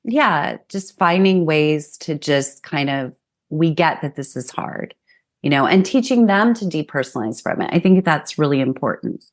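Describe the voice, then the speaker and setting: A woman's voice: low voice, lively intonation, moderate pace. A middle-aged woman therapist, a guest on a podcast, talking reflectively and telling stories from her childhood. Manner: reflective, warm storytelling. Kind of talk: podcast interview conversation.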